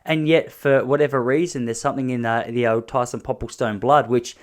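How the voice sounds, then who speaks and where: An Australian man in his thirties hosts a podcast and tells comic stories as a monologue. His voice sits in a mid range, and he rambles and restarts as he goes. His pitch and loudness jump suddenly between stretches of plain talk. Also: fairly even intonation, a little fast. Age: 30s. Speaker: podcast host. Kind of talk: comedic storytelling monologue.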